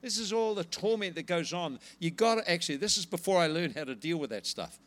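Animated man preaching with stories. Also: a little high, brisk. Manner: animated storytelling, rises to laughing excitement. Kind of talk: sermon with personal story.

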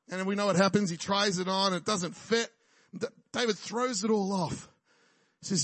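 Male preacher, high voice, dry close sound, casual humor. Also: normal speed, a bit bright, husky, dry recording. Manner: jokey, conversational preaching with frequent "right?" and laughs. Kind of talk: sermon.

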